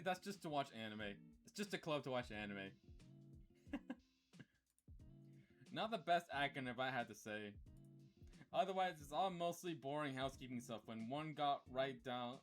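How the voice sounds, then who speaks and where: A young man streaming, reading a visual novel aloud and breaking off with excitable, foul-mouthed commentary. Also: medium pitch, moderate pace, pauses often, faint music behind. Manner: excitable, swears a lot, laughs often.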